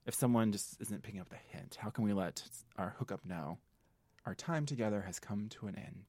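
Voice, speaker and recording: A man's voice: lowish voice, fairly quick, a little mellow, no room sound. A man co-hosting a podcast in casual chat, playful and teasing, full of crude jokes. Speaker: podcast co-host.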